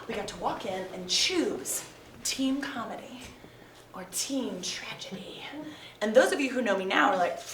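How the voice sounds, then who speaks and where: A woman who teaches theatre tells a lively, laughing story to a live audience. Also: high-pitched, far from the mic. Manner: animated, laughing often. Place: performance room with an audience. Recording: echoey room, mic from afar, crowd noise.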